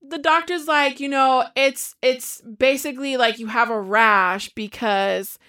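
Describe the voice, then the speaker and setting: A woman in casual chat, retelling a movie in a lively way, swearing freely and acting out the characters' lines. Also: sits high, a little slow. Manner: animated storyteller, swears freely, acts out quotes.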